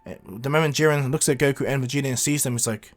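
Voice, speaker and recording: A man's voice: mid-range voice, fast, faint music behind. A man casually retelling a cartoon story in a rambling way, full of fillers and restarts.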